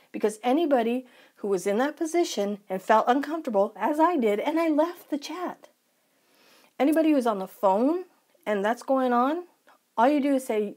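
A woman's voice: fairly high pitch, darkish tone. A woman vlogger ranting emphatically and sarcastically to her viewers. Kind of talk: vlog rant.

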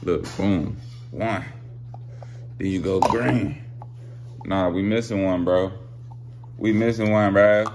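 A young man hosts a casual vlog in his home kitchen, playfully coaxing kids and dogs and laughing often. His deep voice comes slowly, with long pauses, on a noisy home recording.

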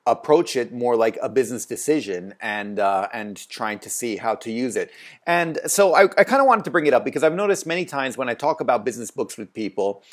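A man who runs a translation agency, giving casual, rambling advice to camera, with frequent fillers and restarts. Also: medium pitch. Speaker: translation agency owner, video host. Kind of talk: casual talking-head advice.

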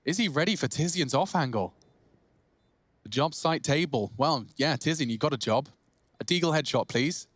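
Excitable male esports play-by-play caster. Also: fairly high pitch, a little hiss or hum. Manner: excitable, rapid, playful banter. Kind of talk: play-by-play commentary.

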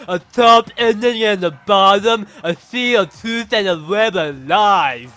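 A man voicing an odd young woman in a daze in a video game, with a heavy lisp and a slow, dreamy way of talking. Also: high-pitched, bright, forceful tone, soft background music, pitched above the performer's own voice, full character voice. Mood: dazed.

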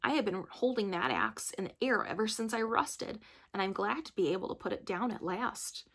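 Woman voicing a soft, sad tin man. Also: mid-range voice, normal speed. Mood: relieved. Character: rusted tin man, sad, polite, grateful.

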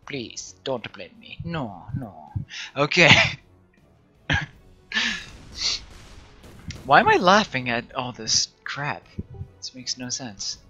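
Casting: male gamer, rambling self-deprecating commentary, bright voice, unhurried delivery, faint music behind. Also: mid-range voice, very animated, breathy edge. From United States. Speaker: gaming channel host. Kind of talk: let's play commentary.

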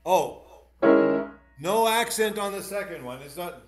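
A man with a fairly high voice coaches a piano student in an online masterclass. He talks animatedly, demonstrates passages and gives encouraging corrections. The room is echoey, and piano playing sounds behind him. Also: expressive, a little slow. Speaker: piano teacher.

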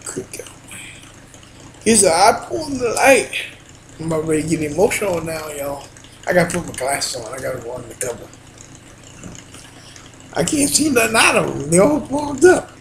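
A man, a minister, preaching in a home video, excitable and folksy, breaking into shouts when he quotes scripture. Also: fairly high pitch, fairly quick, long pauses, a little hiss or hum. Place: alone at home. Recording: roomy echo.

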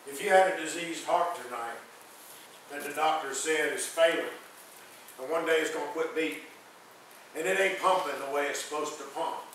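A man's voice: a little high, moderate pace, pauses often, a bit bright, a little hiss or hum. A male pastor preaching a sermon in a folksy, fervent way that builds to hollering, his voice cracking from the preaching. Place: church sanctuary. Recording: echoey church hall, mic far off.

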